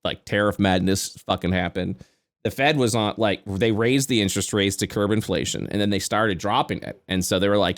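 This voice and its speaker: A man's voice: on the low side, brisk. A man co-hosting a podcast in casual chat, rambling and swearing, with frequent stammering restarts. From Florida, US. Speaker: podcast co-host.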